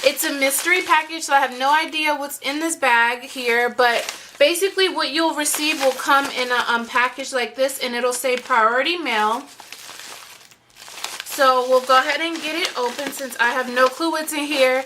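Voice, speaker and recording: A young woman with a high, bright voice chats eagerly to her viewers while unboxing. She gushes and fills her talk with "like" and "you guys". There is a faint hiss of room noise behind her. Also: steady tone, normal speed. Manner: gushing, chatty, lots of "you guys" and "like". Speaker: vlogger. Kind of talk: unboxing vlog chat.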